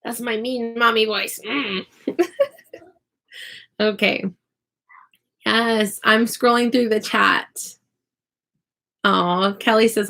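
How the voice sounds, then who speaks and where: A woman chats on a live stream as she works on a craft project. She is chatty, apologizes often and pokes fun at herself. Her voice sits a little high and sounds bright and forceful. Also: fairly even intonation, takes it slowly, gravelly, pauses often. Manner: chatty, apologetic, self-deprecating. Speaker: online English teacher and YouTuber.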